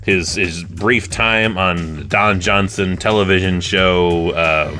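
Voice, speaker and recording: A man's voice: low voice, steady tone, slow, sharp tone, faint music behind. A man co-hosting a podcast in casual chat, blunt and jokey, swearing often. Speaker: podcast co-host.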